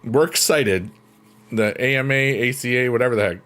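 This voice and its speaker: A man's voice: medium pitch, moderate pace. Goofy streamer guy chatting w viewers, close mic, faint guitar music behind. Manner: goofy, playful, jokes and laughs a lot. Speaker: livestream host. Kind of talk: casual live stream chat. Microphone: close desk microphone. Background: soft guitar music.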